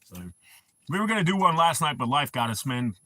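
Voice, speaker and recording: A middle-aged man chatting casually on a live stream. His voice is bright and forward, his talk loose and full of swearing. He laughs easily between remarks. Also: on the high side, sing-song, fairly quick, no room sound. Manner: laid-back, swears freely, laughs often. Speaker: livestream host.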